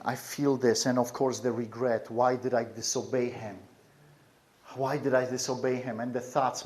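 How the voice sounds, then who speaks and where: A man's voice: mid-range voice, steady tone, moderate pace, a little mellow. A man giving an earnest, intense personal testimony, often repeating his phrases.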